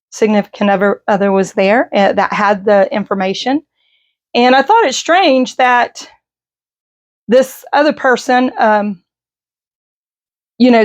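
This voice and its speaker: A middle-aged woman vlogging, telling a personal story in a rambling, emotional way with many fillers. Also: a little high. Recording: slightly dull lo-fi audio.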